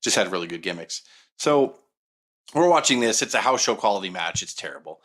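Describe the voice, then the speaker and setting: Animated man telling a profane story. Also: lowish voice, a little fast. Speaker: podcast co-host. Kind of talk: casual storytelling.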